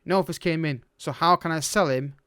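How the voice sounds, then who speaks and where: A man's voice: fairly high pitch, brisk, pushed and bright, clean tone, no room sound, clean studio sound. A man commentating his own game as a let's play host, exasperated and urgent, calling out to the players.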